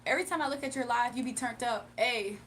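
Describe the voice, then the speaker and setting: A woman's voice: on the high side, fast, fairly bright tone, slight background noise. A woman hosting a casual livestream, sassy and exasperated as she answers chat comments. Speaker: livestream host reading chat.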